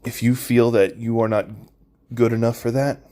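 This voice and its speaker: A man's voice: medium pitch, fairly even intonation, normal speed, mellow. A man vlogging from home, making an earnest, emotional plea to his viewers. He rambles, with many ums and restarts. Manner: earnest, rambling, with frequent ums and self-corrections. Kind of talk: emotional personal plea to camera. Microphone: phone or camera mic, adjusting it while talking.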